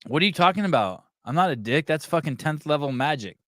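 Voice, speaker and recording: A man's voice: on the high side, lively intonation, fast talker, fairly bright tone, no echo. Brief: male podcast host, crude jokey banter, dry close mic. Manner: crude, joking, laughs often. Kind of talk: casual podcast chat.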